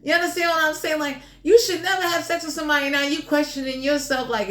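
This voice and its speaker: A woman's voice: high-pitched, fairly quick, a bit bright, roomy sound. A woman giving a casual general tarot reading in a blunt, crude, joking way, swearing freely. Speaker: tarot reader.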